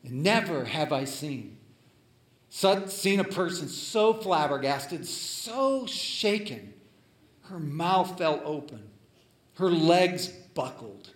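A male preacher telling a story in a sermon, dramatic and swinging between loud and hushed. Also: a little high, big pitch swings, slow pace. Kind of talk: sermon storytelling, reading a letter aloud. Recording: echoey room.

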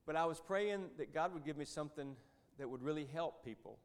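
His voice is on the high side and a little fast: a man in his fifties, a Christian businessman and lay speaker, telling stories in a church talk. He's folksy and conversational, with dry humor and joking asides.

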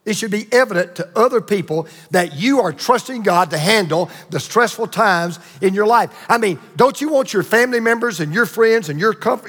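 A male pastor delivers a sermon in a fairly high voice, building emphasis through repeated phrases and drawn-out pauses. His words ring out with a long hall reverb around them. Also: a bit bright, husky. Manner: emphatic preaching with repetition and dramatic pauses.

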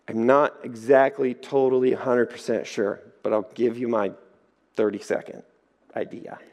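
A man preaching a sermon, telling stories in a lively way and acting out the voices in them. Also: on the high side. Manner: lively storytelling, acts out voices. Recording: echoey hall.

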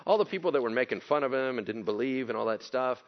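Animated, joking male pastor preaching. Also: mid-range voice, fast, dull audio. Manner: animated, joking, acts out quotes. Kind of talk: conversational sermon.

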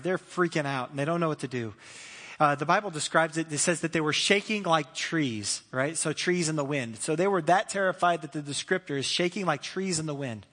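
A man preaching a sermon as a pastor in a church, in a lively, conversational way with many restarts. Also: fairly high pitch. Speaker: site pastor. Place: church sanctuary. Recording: long church hall reverb.

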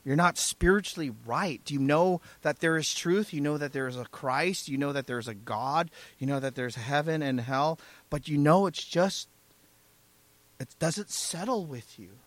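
A man's voice: a little high, moderate pace, no room sound. A man preaching a sermon as pastor, emphatic, often asking the congregation "right?" and "amen?".

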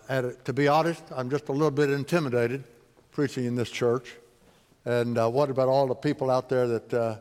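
A man's voice: medium pitch, a little mellow. Folksy west texas preacher guy, plain mid voice, big church reverb. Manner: humble, folksy, with frequent uh fillers. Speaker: guest pastor. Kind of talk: sermon with prayer and scripture reading. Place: church sanctuary.

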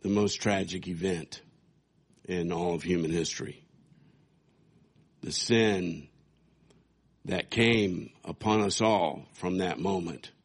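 Slow, low-voiced preacher man. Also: slightly rough. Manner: dramatic, humorous storytelling with acted quotes. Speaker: pastor. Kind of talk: sermon.

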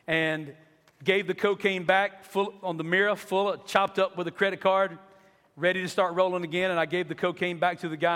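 A man's voice: high voice, fairly bright tone, clean tone, in a large hall. A man from North Carolina, giving an earnest, emotional church testimony as a guest speaker. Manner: earnest, emotional storytelling, building to impassioned pleas.

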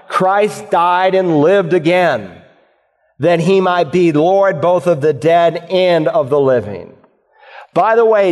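Guy preaching a bible sermon, kinda high voice, big echoey church sound. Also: darkish tone. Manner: earnest, emphatic Bible exposition with rhetorical questions. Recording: hall reverb.

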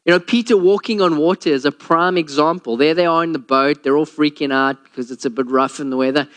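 A man, a pastor, preaching a sermon and telling a Bible story with lively acted-out quotes. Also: fairly quick. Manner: storytelling, acts out quotes with a lowered voice.

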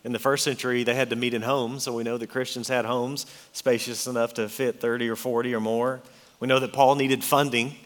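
A man preaching a sermon in an earnest, emphatic way, reading scripture and then explaining it. His voice sits at a middle pitch. A long reverb trails each phrase, as in a large hall. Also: little pitch movement, brisk.

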